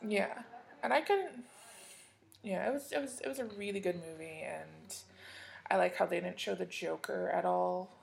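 A woman hosting a podcast in casual chat, rambling and chatty with plenty of fillers and soft asides. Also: fairly low pitch, moderate pace, gravelly, a little hiss or hum. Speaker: podcast host.

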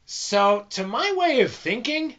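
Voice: medium pitch, very animated, slow, fairly bright tone, highs cut off. Wry, argumentative podcast co-host. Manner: wry, argumentative, swears casually. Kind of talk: casual profane banter.

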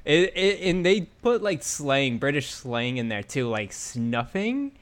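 Male co-host, mid-pitched, excitable casual gamer chatter, loose trailing sentences. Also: unhurried. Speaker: podcast co-host. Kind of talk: casual gaming podcast chat.

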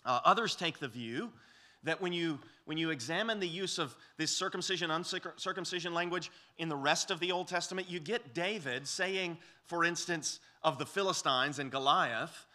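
A man preaching an expository sermon through a Bible passage, animated and acting out quoted speech. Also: on the high side. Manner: animated, voices quoted speech with rising intensity. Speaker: pastor.

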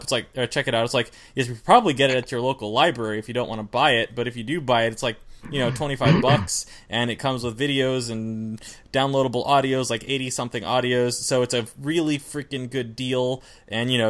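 A man co-hosting a singing podcast as a vocal coach, chatting casually with a relaxed, rambling manner. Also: medium pitch. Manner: relaxed, rambling, many fillers like "like" and "kinda". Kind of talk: casual chat.

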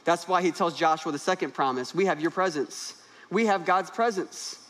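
Young male pastor, high-pitched, energetic, humorous preacher on stage. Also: moderate pace. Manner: animated, humorous preaching with rising emphasis. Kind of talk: sermon. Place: church stage.

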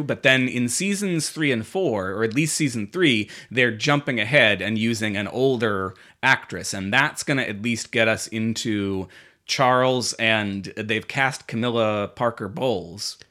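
A man in easygoing podcast chat, rambling and restarting his sentences, tossing in casual swearing. His voice is bright and forward at a middling pitch. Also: moderate pace. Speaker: podcast co-host.

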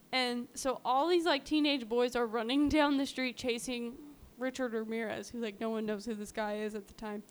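With few pauses, she keeps a moderate, smooth pace, her slightly high voice holding a steady tone. As a podcast co-host retelling a true-crime tale, she's chatty and full of "um" and "like," dramatizing the quotes.

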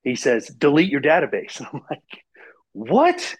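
A man in his forties telling a personal story in casual interview talk, animated and full of fillers, acting out the voices of others. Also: medium pitch, brisk. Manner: animated, acts out quoted voices, many fillers. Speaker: guest.

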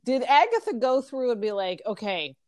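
A woman's voice: medium pitch, lively intonation, a little slow, no echo. A woman co-hosting a casual podcast, rambling along with lots of "um" and "like". Her voice sits in a middle range, recorded dry and close with no room sound. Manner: rambling, filler-heavy, chatty. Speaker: podcast co-host. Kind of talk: casual chat.

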